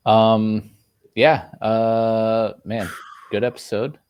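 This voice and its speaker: A man co-hosting a podcast, chatting casually and tossing in quick joking asides. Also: lowish voice, level tone, a little mellow, clear, resonant tone, no echo, highs cut off. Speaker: podcast co-host. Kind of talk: casual chat.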